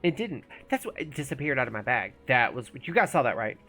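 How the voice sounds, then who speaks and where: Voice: mid-range voice, very animated, fairly quick, pushed and bright, faint music behind. A gaming streamer chatting casually while playing, thinking aloud and sometimes mumbling. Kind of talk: casual live-stream commentary.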